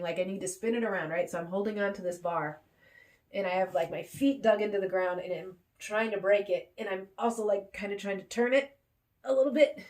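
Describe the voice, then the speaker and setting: A woman vlogging in rambling, repetitive self-talk, encouraging herself. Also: mid-range voice.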